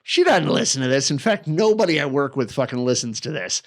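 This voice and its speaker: A man in casual podcast chat, swearing heavily and ranting with animated energy. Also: medium pitch, a little fast. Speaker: podcast guest.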